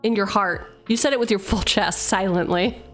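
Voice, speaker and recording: A young woman with a medium-pitched voice speaks at normal speed while hosting a casual deck-building stream for a card game. She mixes reading card text with playful, teasing banter. Faint music can be heard behind her.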